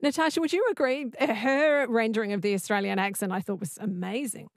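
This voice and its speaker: Woman host, mid pitch, conversational, dry close mic. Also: fairly even intonation, brisk, no echo. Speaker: radio host. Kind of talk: interview hosting.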